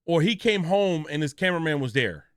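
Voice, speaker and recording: A man's voice: on the high side, animated, a little fast, fairly bright tone, clean tone, no room sound. Male streamer, casual reaction chat, dry close sound, keeps quizzing viewers. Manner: asks questions, reads chat names aloud.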